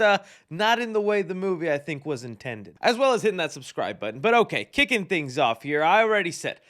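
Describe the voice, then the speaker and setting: Sarcastic high-voiced male film reviewer. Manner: sarcastic, animated, quick asides. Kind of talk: casual spoiler review.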